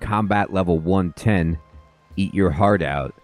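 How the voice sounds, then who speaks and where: A man casually commenting on an online game as he plays and greets viewers in quick excited bursts. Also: deep voice, soft background music. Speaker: gaming host. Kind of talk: casual let's play commentary.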